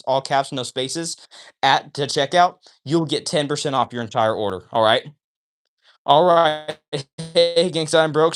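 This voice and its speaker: Flipping a balisong as he hosts a casual livestream, this man speaks at a fairly high pitch. Excitable, he ends sentence after sentence with "all right?".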